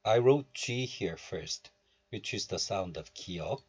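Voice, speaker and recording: A man teaching Korean pronunciation in a recorded lesson. He explains step by step and repeats syllables slowly for learners. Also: low voice, animated, breathy edge, dull audio.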